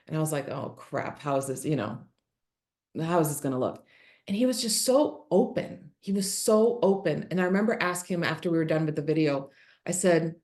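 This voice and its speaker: Earnest low-voiced woman telling a story. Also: a little mellow. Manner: earnest, emotional, quotes herself and her son vividly. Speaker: podcast guest, author and speaker. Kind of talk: candid interview storytelling.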